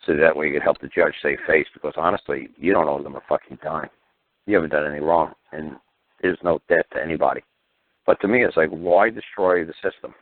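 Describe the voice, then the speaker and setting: A man's voice: rumbling low, dry recording. A middle-aged man hosting a talk show, blunt, profane and combative, acting out courtroom exchanges as he rants. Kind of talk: ranting radio call-in talk. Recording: tinny phone-line audio.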